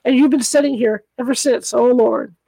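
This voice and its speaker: A ragged old male adventurer, worn down and desperate, his words faltering and whimpering, as a woman reads him aloud in an audiobook. The voice sits fairly high and comes across in a close, dry recording. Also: steady tone, moderate pace, creaky, dark tone, dry recording, rough recording. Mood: rambling, grieving. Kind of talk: audiobook reading.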